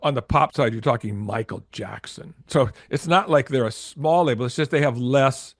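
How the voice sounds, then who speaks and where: An older man, a former record promotion executive, telling lively anecdotes in an interview, acting out quotes with many restarts. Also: mid-range voice, moderate pace, no echo, clean studio sound. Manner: animated anecdotes with acted-out quotes, frequent restarts. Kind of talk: storytelling interview.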